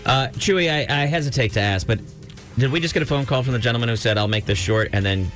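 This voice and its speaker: A man's voice: medium pitch, quick pace, a bit bright, soft background music. A man hosting a morning radio show in a jokey, loose, self-mocking way. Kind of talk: casual radio banter.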